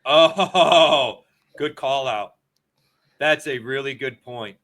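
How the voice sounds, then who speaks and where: A man co-hosting a casual racing and betting chat over a video call, chatty and excitable, laughing often. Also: medium pitch, extremely slow. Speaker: podcast co-host.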